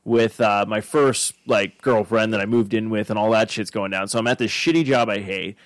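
A man's voice: fairly low pitch, fairly even intonation, normal speed, no room sound. A man in his thirties from Arizona, co-hosting a podcast with loose, profane storytelling. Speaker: podcast co-host. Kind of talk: casual chat.

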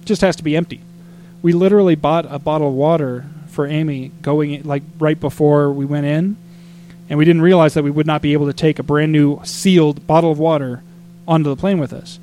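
Chatty man with a higher voice. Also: brisk, slight background noise. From Arizona. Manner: animated, exasperated storytelling with acted-out quotes. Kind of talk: casual storytelling chat.

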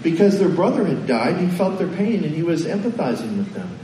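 A man's voice: fairly high pitch, sing-song, fairly quick, mellow, distant mic, a little hiss or hum. Man preaching in an echoey hall. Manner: conversational preaching with questions to the congregation. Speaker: pastor. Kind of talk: sermon.

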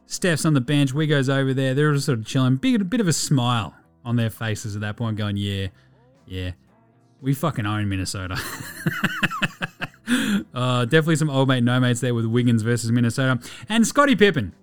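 A man's voice: medium pitch, animated, quick pace, hardly any pauses, clear, resonant tone, soft background music. An Australian man hosting a podcast, giving a casual, chatty rundown of basketball games, swearing freely as he goes. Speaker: podcast host.

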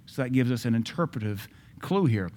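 A man's voice: mid-range voice, lively intonation, brisk, darkish tone. A man preaching a sermon as pastor at a church service, emphatic and repeating key phrases.

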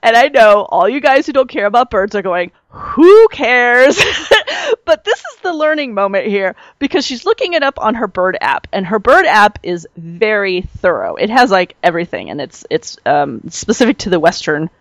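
A woman's voice: medium pitch, sing-song, moderate pace, hardly any pauses, dry recording. A woman hosting a casual chat, telling stories animatedly and laughing often.

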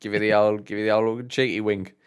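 A Northern English man co-hosting a podcast, telling an animated story full of swearing and frequent laughter. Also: fairly low pitch, brisk, clean tone. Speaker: podcast co-host. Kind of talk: casual chat, storytelling.

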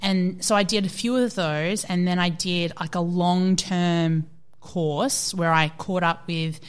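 An Australian woman in her thirties, a fitness coach telling stories in a casual interview, animated and quick to quote people. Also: fairly low pitch, smooth.

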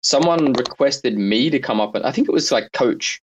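A man's voice: mid-range voice, animated, moderate pace, dull audio, a little hiss or hum. A man telling stories in a loose, rambling way in a live audio chat room, filling his talk with "like" and laughing often. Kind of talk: casual banter.

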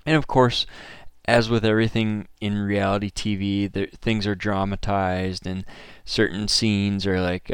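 A man's voice: fairly low pitch, little pitch movement, measured pace, hardly any pauses, clean tone, no echo, clean studio sound. A man from Maine hosting a podcast, talking in a casual, enthusiastic, conversational monologue. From Maine, USA. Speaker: podcast host.

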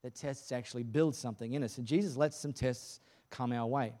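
A man's voice: medium pitch, steady tone, brisk, mellow. A male pastor preaching a sermon at a church service in a casual, joking, conversational way.

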